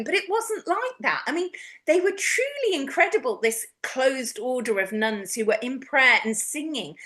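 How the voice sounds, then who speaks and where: A woman's voice: high-pitched, moderate pace. A middle-aged woman from the UK telling a story in a jolly, chatty way. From United Kingdom. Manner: jolly, animated storyteller who laughs often. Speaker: guest, past life regression therapist. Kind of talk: casual storytelling chat.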